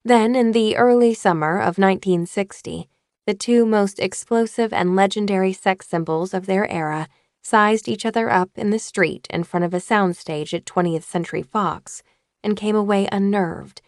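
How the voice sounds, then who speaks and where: A woman narrating an audiobook in a measured, even reading voice. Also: mid-range voice, no echo, clean studio sound.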